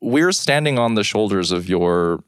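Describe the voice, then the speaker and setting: Man, podcast host, earnest, hesitant, deeper voice, dry recording. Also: lively intonation, unhurried, dry recording. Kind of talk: casual chat.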